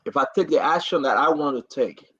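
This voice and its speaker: A man hosting a talk show, giving impassioned, repetitive political commentary in a husky, gravelly voice. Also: a little high, brisk, no room sound. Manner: repetitive, rising to animated outbursts. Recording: dry, dull lo-fi audio.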